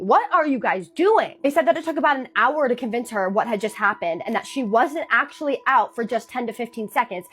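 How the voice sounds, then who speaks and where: A woman's voice: fairly high pitch, a bit bright. Chatty woman telling a scary story. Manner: chatty, dramatic retelling with pauses. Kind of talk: casual storytime narration.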